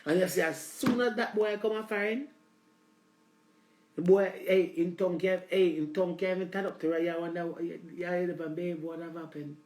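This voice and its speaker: A man's voice: high voice, steady tone, normal speed, a little mellow, roomy sound. A man with a Jamaican accent hosting a live stream, rambling in a preachy, comic rant aimed at his female viewers. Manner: preachy, repeats "let me tell you", addresses the ladies.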